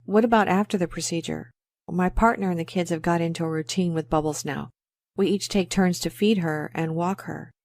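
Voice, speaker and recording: A woman's voice: lowish voice, brisk, gravelly, darkish tone, dry recording, studio quality. A woman playing a worried dog owner in a scripted exam listening dialogue, chatty and a little embarrassed. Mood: talkative worried. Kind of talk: scripted exam role-play.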